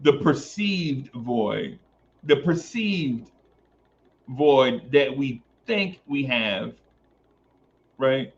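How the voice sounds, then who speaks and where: Male sports stream host, casual and animated, repeats lines for emphasis, muffled lo-fi sound. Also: medium pitch, drawn-out words, long pauses. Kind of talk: casual sports talk stream, reading chat. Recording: dull lo-fi stream audio.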